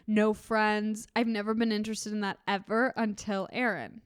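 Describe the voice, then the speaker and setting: A woman's voice: mid-range voice, little pitch movement, moderate pace, clear, resonant tone, no echo, clean studio sound. A young adult woman co-hosting a podcast in casual chat, talking candidly and saying "like" a lot. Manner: candid, chatty, heavy use of "like". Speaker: podcast co-host.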